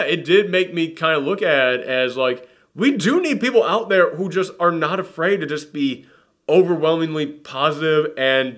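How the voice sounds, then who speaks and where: A young man reviewing a movie in a casual chat, talking in an animated way and using lots of fillers. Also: on the high side. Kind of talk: casual conversation.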